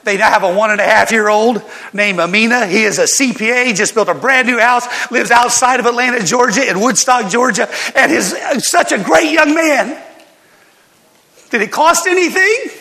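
An older man, a pastor, telling a personal story in a sermon and reading scripture, with animated laughter between lines. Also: extremely high pitch, moderate pace, gravelly, long reverb tail.

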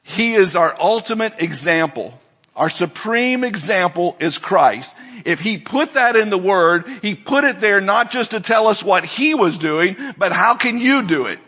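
Male preacher, husky and bright, dynamic sermon delivery with big swings in volume. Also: sits high, lively intonation, unhurried. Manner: dynamic preacher, swinging from soft asides to loud emphatic declarations. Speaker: pastor.

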